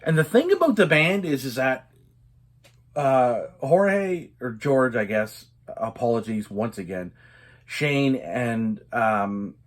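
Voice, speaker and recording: A man's voice: mid-range voice, big pitch swings, takes it slowly. Casual male vinyl reviewer, mid-range voice, foul-mouthed, rambling, prone to mini rants. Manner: profane and ranting, many fillers. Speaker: metal record reviewer.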